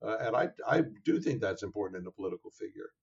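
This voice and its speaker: A man being interviewed as an author, talking in a measured, thoughtful way with frequent fillers and restarts. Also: lowish voice, lively intonation, vocal fry, a little mellow, breathy edge. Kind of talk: interview conversation. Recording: dull lo-fi sound.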